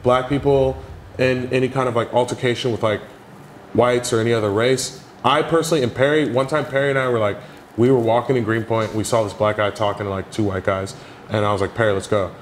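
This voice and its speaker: A young man telling stories in a casual interview, animated and full of "like" fillers. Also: medium pitch, fast, slight background noise. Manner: animated storyteller, heavy "like" fillers. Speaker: podcast guest.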